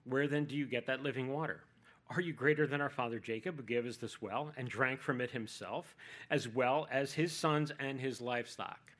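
A man's voice: mid-range voice, moderate pace, fairly bright tone, natural voice. A man voicing a sarcastic, defensive Samaritan woman at a well, in a sermon retelling. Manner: snarky, defensive.

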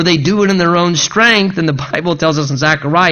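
A man's voice: a little high, fast, hardly any pauses, fairly bright tone, highs cut off. A male pastor preaching a sermon in an earnest, emphatic way, repeating rhetorical questions to drive his points home.

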